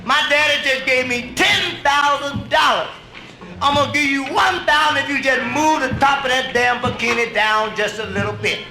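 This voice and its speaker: Man playing brash wheedling young sport, high and pushy, live room echo. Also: normal speed, gravelly, over music. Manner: cocky, wheedling, crude. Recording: echoey live club recording.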